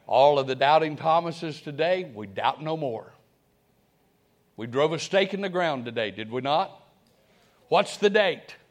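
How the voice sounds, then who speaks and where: High-pitched preacher guy, gets loud then drops to near whispers when praying, repeats himself a lot. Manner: animated preaching, swings from shouts to hushed prayer; repeats words and phrases. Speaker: pastor. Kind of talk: sermon.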